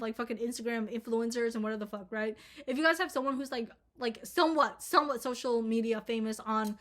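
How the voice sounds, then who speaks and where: A woman's voice: a little high, a bit bright. Rambling, cursing young woman vlogger. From Minnesota, US. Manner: rambling, profane, filler-heavy with lots of "like". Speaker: storytime vlogger. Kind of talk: casual storytime rant.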